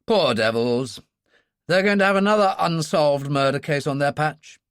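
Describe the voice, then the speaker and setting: A man doing a brisk, commanding spy chief. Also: on the high side, clear, resonant tone, dry recording, clean studio sound, natural voice.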